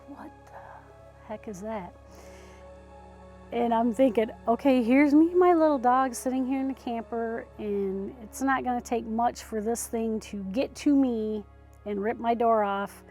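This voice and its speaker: A woman recounting an encounter in casual spoken storytelling. She often drops to a hushed near-whisper when reliving the tense moments. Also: on the high side, rough recording. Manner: conversational, with fillers and restarts.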